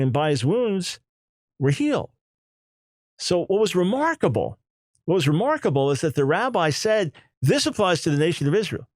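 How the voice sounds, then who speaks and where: A man in his sixties hosting a radio talk show, talking emphatically and in quick, animated bursts. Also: on the high side, no room sound.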